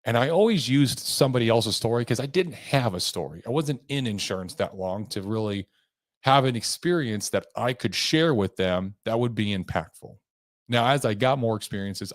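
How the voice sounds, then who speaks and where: A man's voice: lowish voice, no room sound, clean studio sound. A man hosting his own podcast, coaching listeners on sales in an emphatic, motivational way, shifting pace and tone for effect. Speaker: podcast host and sales trainer. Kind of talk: motivational solo podcast talk.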